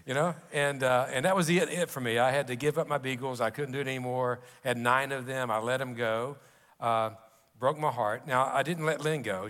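A man's voice: medium pitch, a bit bright. Man preaching in an echoing church. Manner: storytelling, folksy and conversational with restarts. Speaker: pastor. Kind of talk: sermon. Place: church sanctuary. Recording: long reverb of a church hall.

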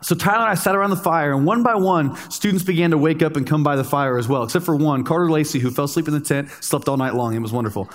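A man in his thirties preaching a sermon, telling a camping story with humor and slow pauses for emphasis. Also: a little high, in a large hall. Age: 30s. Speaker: pastor.

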